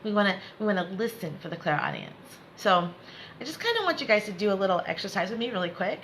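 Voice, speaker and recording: A woman's voice: medium pitch, big pitch swings, quick pace, fairly bright tone, a little hiss or hum, rough recording. A woman giving a live spiritual lesson, repeating herself to encourage viewers and laughing often. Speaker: spiritual teacher.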